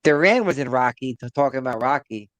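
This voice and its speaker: A podcast co-host in casual chat, blunt and salty, piling up quick affirmations. His voice is mid-pitched. The recording is dry and close. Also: expressive, fairly bright tone, no echo. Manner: blunt, profane, repetitive affirmations.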